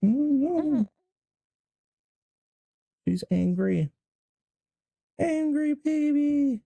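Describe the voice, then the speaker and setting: A woman talking baby talk to her pets, with high, loud cooing that often turns away from the mic. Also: expressive, extremely slow, vocal fry, no room sound.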